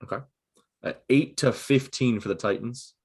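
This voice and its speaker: A man's voice: medium pitch, moderate pace, darkish tone, breathy edge. A young man co-hosting a casual podcast over a video call, steadily working through a list with "um" and "uh". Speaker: podcast co-host. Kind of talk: casual chat.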